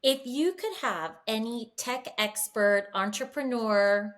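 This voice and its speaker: A woman co-hosting an interview podcast, chatty and warm-hearted. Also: on the high side, slow pace. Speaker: podcast co-host. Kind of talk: casual interview talk.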